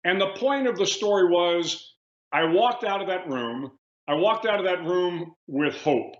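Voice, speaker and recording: A man's voice: high-pitched, fairly bright tone. Older man, echoey dull remote line. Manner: measured storytelling, frequent "uh" and restarts. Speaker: guest author, retired admiral. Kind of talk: remote interview.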